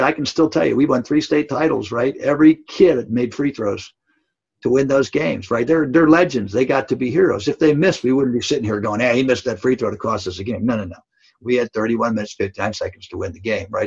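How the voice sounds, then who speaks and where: A man's voice: medium pitch, creaky, darkish tone, breathy edge. An older man, a basketball coach, telling a story in an interview, earnest and emphatic, often asking "right?". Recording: dull lo-fi audio.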